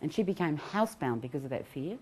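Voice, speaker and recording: A middle-aged woman giving an animated self-help talk on anxiety recovery. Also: low-pitched, fast, breathy edge. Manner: animated, acts out quoted voices, laughs often.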